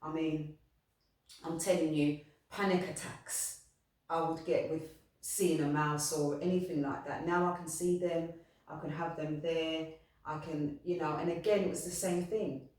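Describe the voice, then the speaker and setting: Her low, darkish voice stays steady and unhurried as this woman, a spiritual medium, talks with heartfelt earnestness about spirituality. She rambles, repeats herself, and restarts frequently, captured by a distant mic in an echoey room.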